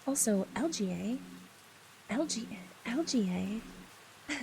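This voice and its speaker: A woman's voice: a little high, slow pace, long pauses. A woman chatting casually with her livestream audience, teasing and giggling often in flirty, mock-possessive banter. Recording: steady background noise.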